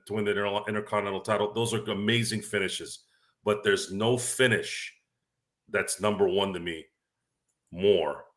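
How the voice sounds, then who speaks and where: A man's voice: on the low side, pushed and bright. A man co-hosting a casual sports talk podcast, rambling and self-deprecating, laughing often as he talks. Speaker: podcast co-host.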